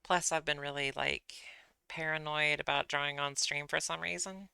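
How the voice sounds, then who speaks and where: A woman's voice: low voice, fairly even intonation, moderate pace, gravelly, sharp tone, smooth, no echo. A woman chatting casually on a livestream, rambling and self-deprecating, often apologizing. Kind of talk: casual rambling stream chat.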